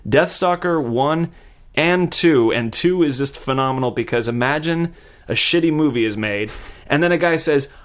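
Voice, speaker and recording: A man's voice: on the high side, normal speed. A man on a casual podcast, an enthusiastic movie nerd who talks in bursts with restarts and swearing. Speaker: podcast guest.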